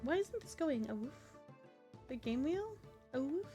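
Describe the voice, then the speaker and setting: Excitable high-voiced woman streamer. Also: unhurried, faint music behind. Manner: excitable, swears, repeats a woof. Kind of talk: casual live stream chat.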